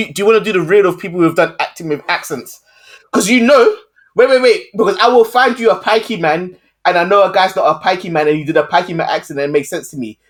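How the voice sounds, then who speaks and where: Man co-host, high voice, combative and joking in casual film talk. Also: fairly bright tone. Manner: heated, teasing, keeps calling others liars. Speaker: podcast co-host. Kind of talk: casual film review chat.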